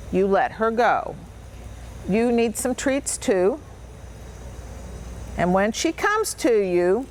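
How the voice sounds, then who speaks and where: Woman dog trainer, high voice that bounces around a lot, cheery and patient with kids. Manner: patient, encouraging, sing-song praise. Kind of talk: hands-on instruction to children.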